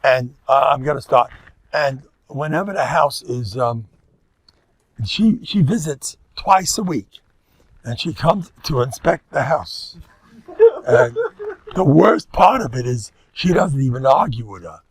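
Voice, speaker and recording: A man's voice: medium pitch, animated, unhurried, husky, no room sound. An older man, a rabbi giving an informal, joking Torah lecture that mixes in Yiddish and Hebrew words. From United States.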